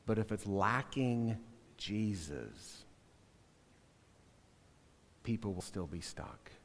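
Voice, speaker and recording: A man preaching a sermon as pastor, earnest and halting, often repeating and restarting words. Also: on the low side, animated, in a large hall, a little hiss or hum.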